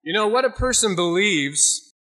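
Bright-voiced male pastor preaching. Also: sits high, animated, moderate pace. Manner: storytelling with a joke, then earnest preaching. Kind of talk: sermon.

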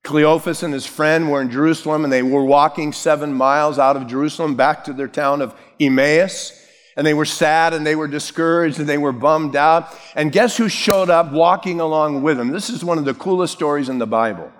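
Male preacher, storytelling sermon with jokes and voiced characters; somewhat high-pitched, in a reverberant church hall. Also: brisk. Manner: storytelling, acting out biblical characters with lively voices; casual, humorous. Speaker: pastor.

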